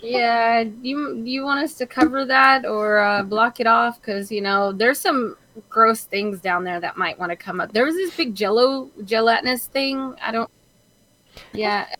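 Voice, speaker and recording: A woman's voice: a little high, unhurried, bright, forceful tone, no room sound. Chatty woman player, dry sound. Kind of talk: casual tabletop role-play.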